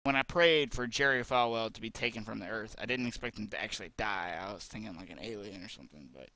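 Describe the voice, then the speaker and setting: A man's voice: lowish voice, fast, bright, forceful tone, no echo, rough recording. A man ranting sarcastically in a profane, rambling video commentary monologue. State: hiccuping.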